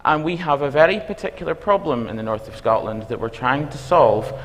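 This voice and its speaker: A man with a Belfast accent giving a conference talk as a university dean, talking fast and quizzing the audience. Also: fairly high pitch, a bit bright, a little hiss or hum. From Northern Ireland. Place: lecture hall. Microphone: stage microphone. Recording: reverberant hall.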